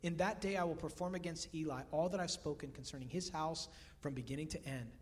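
A man preaching a sermon in a conversational, animated way, swinging between loud bursts and hushed, quiet lines. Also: a little high, a little fast. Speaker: pastor.

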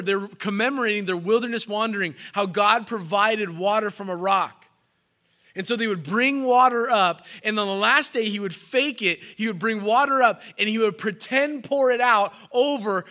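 A man preaching a sermon, telling the story dramatically and swinging between hushed and loud delivery. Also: high-pitched. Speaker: pastor. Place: church in California.

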